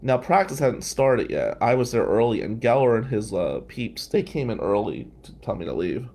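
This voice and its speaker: A male podcast host telling a personal story in an animated way, swearing freely and loudly acting out what others said. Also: mid-range voice, normal speed, creaky.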